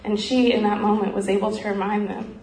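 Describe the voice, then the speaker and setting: A woman earnestly telling a missionary story in a heartfelt talk, often pausing with "um" and growing emotional. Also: medium pitch, flat delivery, darkish tone. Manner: earnest, frequent ums, grows emotional. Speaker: speaker sharing a missionary story. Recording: roomy echo, faint background noise.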